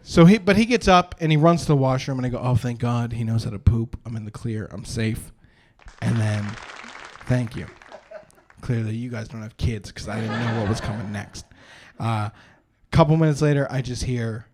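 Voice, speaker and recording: A man's voice: mid-range voice, normal speed. A young man doing live stand-up comedy at a brewery show, telling rambling self-deprecating stories with lots of "uh" and restarts.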